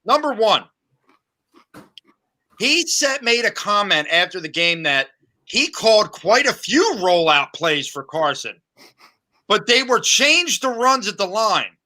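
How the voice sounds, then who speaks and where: A man co-hosting a sports podcast, talking in an animated, sarcastic, conversational way. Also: sits high, slow pace, pauses often. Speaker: podcast co-host. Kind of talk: opinionated sports podcast talk.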